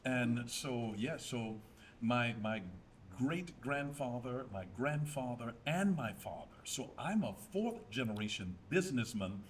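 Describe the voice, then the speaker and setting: A middle-aged man, a pastor answering interview questions in a measured, aphoristic preacher's cadence. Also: mid-range voice, expressive, a little hiss or hum. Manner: measured, aphoristic, repeats for emphasis. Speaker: pastor and businessman guest.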